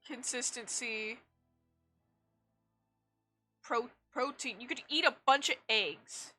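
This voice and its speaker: Over soft background music, a young woman talks casually while gaming on stream, rambling bluntly and swearing a lot. Her voice is on the high side, pushed and bright, and she speaks slowly.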